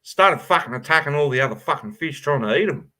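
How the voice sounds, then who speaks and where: A man's voice: on the high side, animated, fast talker, bright, forceful tone. A middle-aged man chatting casually, laughing often and swearing as he tells family stories. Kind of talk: casual chat.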